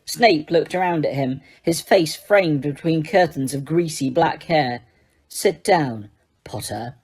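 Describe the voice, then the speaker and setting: A woman narrating an audiobook in a steady storytelling manner, with the odd small slip. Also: sits low, unhurried. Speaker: audiobook reader.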